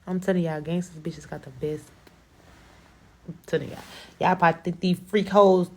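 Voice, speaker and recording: A young adult woman with a Chicago accent telling a blunt, profane, animated story in a casual storytime to camera. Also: on the low side, normal speed, slight background noise. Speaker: rapper.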